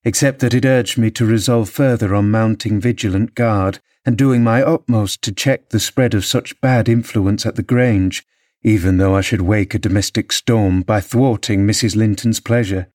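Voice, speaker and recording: A man narrating a classic novel as an audiobook in a measured, expressive storytelling manner. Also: fairly low pitch, no room sound, clean studio sound.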